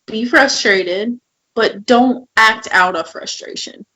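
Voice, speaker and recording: A woman's voice: a little high, takes it slowly, sharp tone, poor audio. A woman in her twenties co-hosting a podcast, telling candid personal stories in casual chat and acting out quoted lines. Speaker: podcast co-host.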